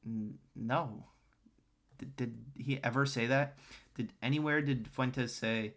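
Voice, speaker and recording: A man's voice: mid-range voice, slow pace, fairly bright tone. A man ranting scornfully and profanely while reacting to video clips. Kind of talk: crude reaction commentary.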